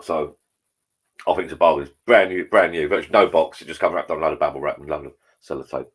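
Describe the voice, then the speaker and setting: A man hosting a relaxed livestream, chatting to viewers in a rambling, matey way over drinks at home. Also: very deep voice, rapid-fire, slightly rough. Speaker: livestream host. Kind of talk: casual chat with viewers while drinking. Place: at home, indoors.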